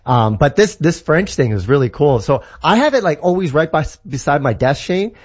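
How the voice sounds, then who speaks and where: A man's voice: a little high, big pitch swings, moderate pace, darkish tone, husky, lo-fi sound. A man from Canada explaining tech in a casual, enthusiastic, rambling way, with lots of fillers and restarts. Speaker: tech guest. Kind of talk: casual tech talk segment.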